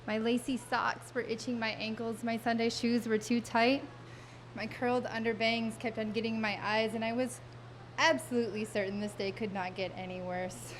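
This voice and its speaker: A woman with a slightly high voice tells a comic personal story live on stage. Her delivery is wry and self-mocking, full of vivid detail and well-timed pauses, with a faint hum of room noise behind her. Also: steady tone. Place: live stage event before an audience.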